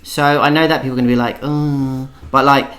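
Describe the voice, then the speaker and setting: A young man with a Cockney accent, co-hosting a podcast in casual chat, talking fast with lots of fillers and restarts. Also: mid-range voice, fairly even intonation, a bit bright. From England. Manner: chatty, ranting, lots of likes and restarts. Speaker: podcast co-host.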